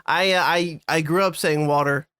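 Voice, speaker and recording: Chatty, high-pitched rambling man. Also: steady tone, moderate pace, a bit bright, clear, resonant tone, no room sound, studio quality. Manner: rambling, self-deprecating storyteller with frequent restarts. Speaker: podcast co-host. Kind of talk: casual podcast chat.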